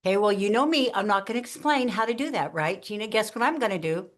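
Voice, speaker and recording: A woman with an animated, punchy way of teaching, laughing often as she walks through her examples. Her pitch sits in a middle range, and she talks like a speaking coach giving a guest interview on a podcast. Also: fast.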